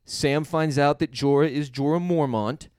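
A man's voice: on the high side, moderate pace, a little mellow, smooth, no echo, studio quality. A man co-hosting a podcast, chatting loosely about a TV episode with jokes and some swearing. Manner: loose, joking and profane. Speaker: podcast co-host. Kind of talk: casual chat recapping a TV episode.

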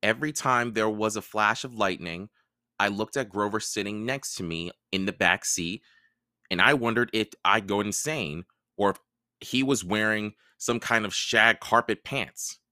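A man reading a novel aloud as host of his own podcast, with expressive storytelling. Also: fairly low pitch, moderate pace, no echo, studio quality. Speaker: podcast host and audiobook reader.

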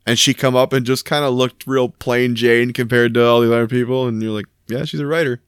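A man chatting casually as co-host, retelling a sitcom episode and jumping into high voices for the characters. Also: level tone, a little fast, smooth, no echo, studio quality.

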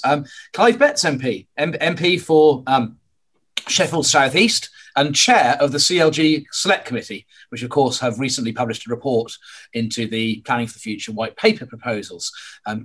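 A man with a hoarse voice, hosting a podcast over a video call and hesitating with many ums. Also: on the high side, a bit bright. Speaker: podcast host. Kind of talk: casual video-call chat.

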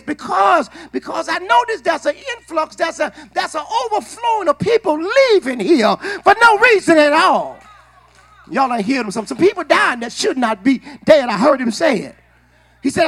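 A man preaching with a very high, bright, forceful voice. He works the congregation in call-and-response, repeats himself and restarts phrases, and climbs into shouting. He is in a church sanctuary. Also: very animated, normal speed, creaky. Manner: repeats words and restarts often. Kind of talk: sermon.

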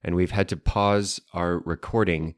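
A man's voice: low voice, steady tone, a little slow, no echo, clean studio sound. A man co-hosting a casual chat show, playful and fond of fancy learned words. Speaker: podcast co-host.

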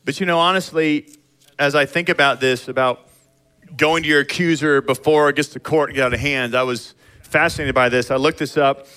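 A middle-aged man from the United States preaching a sermon in an animated, conversational way, acting out little scenes. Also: a little high, a little fast, clean tone. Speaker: pastor.

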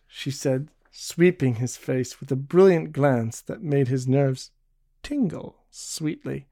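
A man's voice: medium pitch, no echo. Man reading a novel aloud, dry sound. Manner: steady, measured storytelling read. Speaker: audiobook narrator. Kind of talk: scripted narration of a novel.

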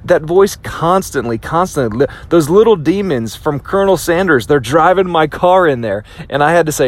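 A man's voice: a little high, lively intonation, normal speed, few pauses. A man giving a motivational speech, emphatic and repetitive, acting out his inner voice now and then. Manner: emphatic, repeats phrases for impact, acts out inner voices. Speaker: motivational speaker.

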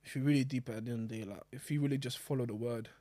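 A young man, chatting casually as a podcast co-host in quick slangy talk. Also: medium pitch, fairly even intonation, no echo. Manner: quick slangy talk, often laughing loudly. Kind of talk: casual chat.

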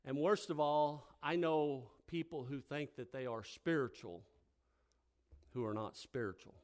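An older man who is a pastor, telling folksy stories that build into loud, emphatic preaching. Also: medium pitch, a little slow. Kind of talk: sermon with storytelling.

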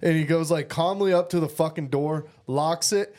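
Male co-host, slightly high voice, swears constantly, laughs easily. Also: moderate pace, background noise. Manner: profane, enthusiastic, laughs often. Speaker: podcast co-host. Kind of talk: casual movie chat.

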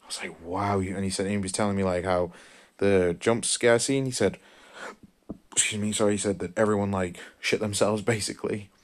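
A man's voice: fairly low pitch, steady tone, normal speed. A man hosting a podcast, giving a casual, enthusiastic and rambling spoken film review. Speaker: podcast host.

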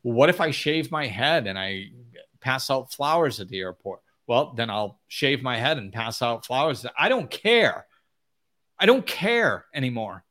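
A man giving an unscripted motivational talk as a spiritual teacher, blunt and emphatic, often mimicking whiny voices in a high pitch. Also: sing-song, moderate pace, a bit bright.

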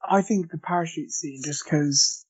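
An easygoing man joins a casual film podcast and laughs along often. His voice sits a little high and sounds husky. The audio is a bit muffled. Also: moderate pace, darkish tone. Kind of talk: casual film review chat.

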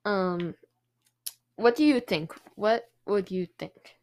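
A woman's voice: medium pitch, slow pace, a little mellow. A woman hosting a true crime podcast, telling the case in a chatty way with frequent fillers. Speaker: podcast host.

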